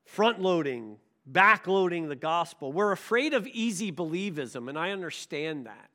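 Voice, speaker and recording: Male pastor, sermon delivery, bright and lively, emphatic rhetorical style. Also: high-pitched, normal speed. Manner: emphatic preaching, rhetorical questions.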